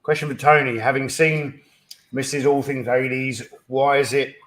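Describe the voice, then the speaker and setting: A man's voice: mid-range voice, fairly even intonation, moderate pace, fairly bright tone. Joking man hosting a live chat. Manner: self-deprecating, joking. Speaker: host reading viewer questions.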